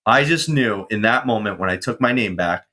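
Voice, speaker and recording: Forceful low-voiced man telling his story. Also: moderate pace. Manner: animated, swearing, reenacts his own shouting. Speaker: guest, mindset coach and firefighter. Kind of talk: casual storytelling interview.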